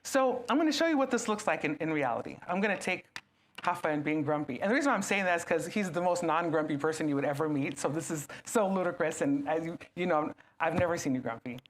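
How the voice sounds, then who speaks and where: A woman gives an animated talk to a gathered audience, her pitch leaping and falling as she acts out small scenes. She keeps turning to the listeners with questions. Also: quick pace. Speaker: guest speaker. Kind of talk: lively talk to a live audience.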